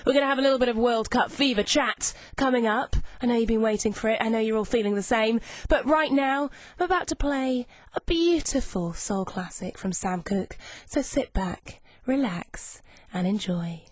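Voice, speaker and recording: Reading out listener messages on her lunchtime radio chat show, a bubbly young woman chats away from a studio mic. She talks at a normal speed in a slightly high voice, with no room sound.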